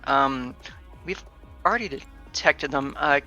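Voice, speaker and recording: A man voices his character in a tabletop game, slow and hesitant. His voice is gravelly and sharp-edged. The recording sounds dull, like a cheap microphone. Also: mid-range voice, soft background music. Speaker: player.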